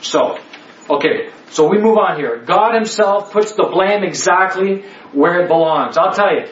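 High-voiced and animated but measured in pace, a man leads a small group through a Bible study indoors. He talks emphatically, repeats key words and checks in with "okay?" constantly, all on a dull lo-fi recording from a far mic in an echoey room.

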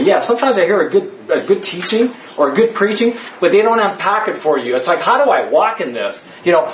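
High-voiced man teaching a church class. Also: big pitch swings, brisk, hardly any pauses, fairly bright tone, slight background noise. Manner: emphatic, joking, rhetorical questions. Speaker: Bible study teacher. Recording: echoey, slightly dull room.

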